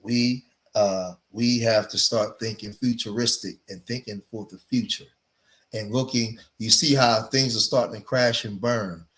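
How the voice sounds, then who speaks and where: A man's voice: lowish voice, steady tone, unhurried, a bit bright. A man hosting a livestream, delivering emphatic, preachy commentary, repeating himself and saying "man" often. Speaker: streamer and commentator.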